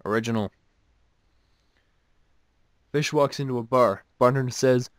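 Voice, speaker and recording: A man reads one joke after another in a relaxed, offhand way, then undercuts each with dry, mocking remarks of his own. His voice sits at an ordinary mid pitch, and the recording is close and dead, with no room sound around him. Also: moderate pace, long pauses, no room sound. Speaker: host reading jokes. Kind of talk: casual joke reading with commentary.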